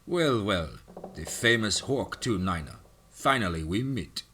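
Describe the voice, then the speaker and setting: A man's voice: lowish voice, lively intonation, pushed and bright, a little hiss or hum. A man doing a gloating Russian mercenary boss. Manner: slow, gloating, groping for words. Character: menacing Russian male mercenary leader.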